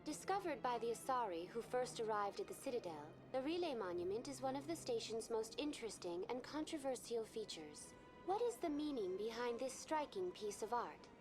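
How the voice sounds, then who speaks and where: A woman voicing a calm female virtual guide program on a space station, in a polished, even, informative game delivery, with music clearly heard behind. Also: on the high side, natural voice, rough recording. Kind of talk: scripted game voice acting.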